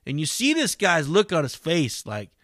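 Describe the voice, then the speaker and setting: A man hosting his own podcast, rambling and swearing with excitable energy in a casual solo monologue. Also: fairly high pitch, normal speed, vocal fry, no echo, studio quality. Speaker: podcast host.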